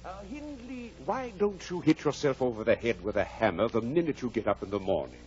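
An actor playing a blunt, caring old country doctor. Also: male voice, medium pitch, big pitch swings, brisk, a little mellow, close to an everyday voice. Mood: wry. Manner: dry, wry and then gravely earnest. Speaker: Doctor Kenneth. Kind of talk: 1940s radio acting. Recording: dull, faintly hissy 1940s radio broadcast.

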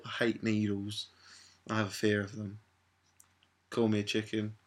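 A young woman from England chatting casually on a vlog, giggly and animated, acting out what people said. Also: rumbling low, unhurried. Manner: giggly, animated storytelling with mock quoted voices. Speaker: vlogger. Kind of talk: casual chat.

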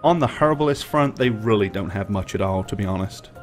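A man narrating as game master, relaxed and chatty, with many fillers. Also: fairly low pitch, a little fast, faint music behind.

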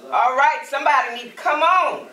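A woman's voice: sits high, moderate pace, sharp tone. Woman evangelist preaching in an echoey room. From Alabama. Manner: calls out to the congregation, rising and emphatic. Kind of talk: sermon and prayer. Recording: roomy and distant from the mic.

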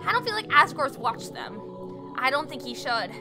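A young woman co-hosting a let's play, excitable and giggly as she reads and reacts to the game. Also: sits high, normal speed. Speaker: co-host. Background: game music.

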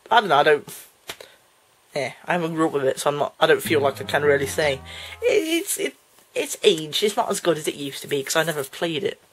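A man's voice: a little high, lively intonation, brisk, fairly bright tone. A young British man giving casual let's play commentary, rambling, correcting himself and laughing at himself as he talks. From Britain.

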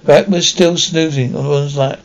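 Gravelly man reading a novel aloud. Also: fairly high pitch, steady tone, unhurried, poor audio. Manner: reads with frequent slips and restarts. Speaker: audiobook reader.

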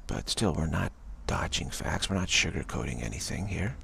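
A man giving a rambling, gentle spiritual talk, full of repeated phrases and "you know.". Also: low-pitched, expressive, moderate pace, vocal fry, slight background noise. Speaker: spiritual speaker.

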